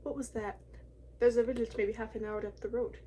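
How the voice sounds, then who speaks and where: A young woman reading a horror post aloud with a friend, playful and quick to laugh. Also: fairly high pitch, fairly even intonation, mellow, slight background noise. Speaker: video co-host. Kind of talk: reading horror posts aloud with casual chat.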